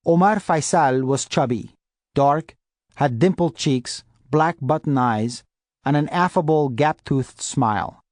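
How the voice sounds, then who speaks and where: A man narrating an audiobook in first person with a steady, measured reading. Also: fairly high pitch, no echo, clean studio sound.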